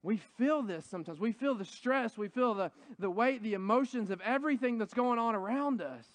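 A man's voice: extremely high pitch, a bit bright, no echo. A man preaching a sermon in an earnest, conversational way, building up to emphatic points. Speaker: pastor.

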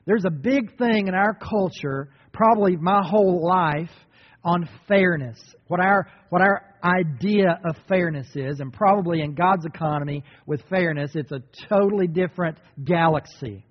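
A man's voice: high voice, normal speed, long reverb tail, lo-fi sound. A male pastor delivering a sermon, preaching emphatically with lots of repetition.

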